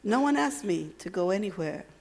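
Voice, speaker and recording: A woman from Texas giving a motivational speech at a university, telling stories with emphatic phrasing and dramatic pauses. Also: mid-range voice, expressive, vocal fry, darkish tone, breathy edge. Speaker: motivational speaker. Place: university lecture hall.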